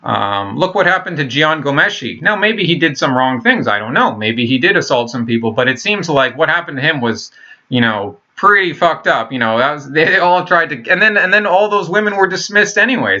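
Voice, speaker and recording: A man in his thirties rambles bluntly through a casual monologue, stopping and restarting his sentences and swearing freely. His voice sits fairly high and bright. The sound is dull and lo-fi. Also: expressive, brisk. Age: 30s. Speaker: vlogger.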